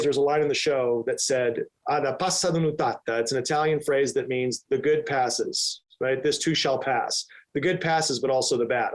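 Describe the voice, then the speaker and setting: A man answering podcast interview questions with emphatic energy, sometimes acting out his own inner voice. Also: mid-range voice. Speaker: real estate team leader, podcast guest.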